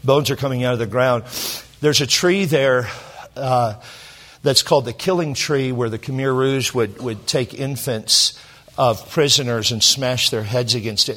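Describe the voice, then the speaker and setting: In a sermon, a middle-aged pastor from Southern California tells a story from his own life. His medium-pitched voice is a bit bright, and he speaks with emotion, faltering and starting over many times.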